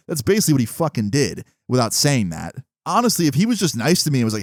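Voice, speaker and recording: A young adult man, a vlogger telling a story in a casual way, animated and exasperated, with plenty of swearing. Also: on the high side, fast, few pauses, no room sound, clean studio sound.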